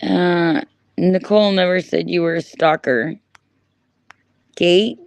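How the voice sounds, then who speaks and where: A woman chatting casually on a livestream, animated and swearing freely as she talks back to her chat. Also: lowish voice, slow, vocal fry, smooth, no echo. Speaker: livestream host.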